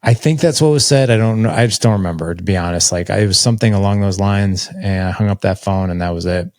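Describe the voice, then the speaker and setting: A man's voice: fairly low pitch, quick pace, few pauses, darkish tone, no echo, studio quality. A man in his forties telling a personal story as a podcast guest, candid and conversational, with lots of filler words. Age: 40s.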